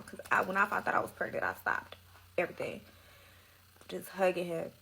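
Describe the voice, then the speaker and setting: A woman's voice: medium pitch, lively intonation, fast, vocal fry, a bit bright, breathy edge, low-quality recording. A young woman telling her own story in a slangy, emotional way, close to tears at times. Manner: slangy, tearful, dramatic retelling.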